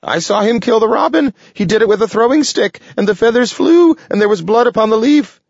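A shrill, panicky squirrel. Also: male voice, expressive, brisk, gravelly, no echo, full character voice. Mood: excited. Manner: shrill and breathless. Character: panicky chattering male squirrel. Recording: dull lo-fi audio.

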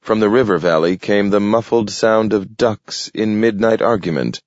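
Reading scripted narration for an audiobook, a man with a lowish voice keeps a steady, measured delivery. The recording is dull, lo-fi and dry, with no echo.

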